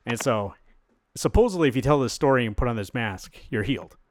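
A man chats casually on a podcast, walking through a comic book's plot scene by scene. He acts out the characters' lines in quick quoted bits and drops casual swears. His voice sits at a middle pitch in a dry, close room with no echo. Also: lively intonation. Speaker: podcast co-host. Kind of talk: casual chat retelling a comic book.

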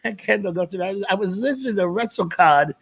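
A man's voice: sits high, animated, fast talker, vocal fry, slightly rough. A man co-hosting a podcast, chatting casually and ranting with lots of profanity. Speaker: podcast co-host.

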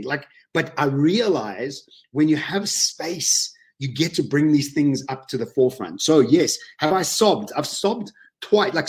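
A man, telling personal stories in an animated, emotional way as a guest on a casual webinar interview. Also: a little high. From South Africa.

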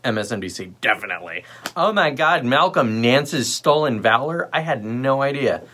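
A man's voice: medium pitch, animated, normal speed, pushed and bright, slight background noise. A man hosting a solo livestream, talking in a blunt, rambling and sarcastic way. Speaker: livestream host. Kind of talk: casual solo livestream talk.

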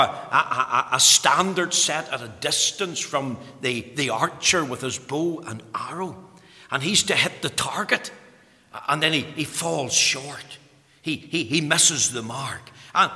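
Male preacher, bright forceful voice, fervent sermon delivery with stammered restarts, long church reverb. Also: on the high side. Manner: fervent, rising to emphatic peaks on scripture quotes; repeats words when starting phrases.

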